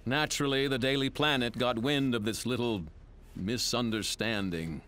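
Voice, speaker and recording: A man's voice: mid-range voice, moderate pace, a bit bright, soft background music, lightly acted. A male actor voicing a scheming corporate villain boss who gives curt, commanding orders in a video game.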